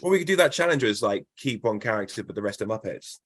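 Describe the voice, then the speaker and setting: A man who is a guest on a casual film podcast, playful with quick asides. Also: on the low side, lively intonation, fairly bright tone.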